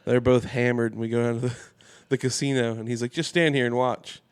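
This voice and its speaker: A man telling a wild story in casual podcast chat, acting out the people in it with sudden jumps in pitch. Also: brisk, smooth. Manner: animated storyteller, acts out quoted voices with big pitch jumps. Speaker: podcast guest.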